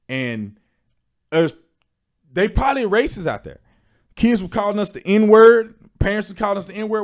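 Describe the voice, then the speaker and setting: A young man, hosting an opinion stream and preaching his points, sometimes rising to a shout. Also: a little high. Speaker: livestream host.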